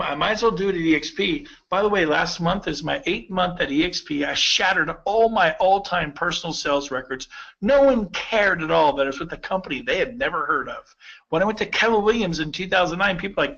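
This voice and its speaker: A man in his fifties giving a persuasive sales pitch to real estate agents, telling stories with quoted dialogue. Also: expressive, brisk, fairly bright tone, lo-fi sound. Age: 50s.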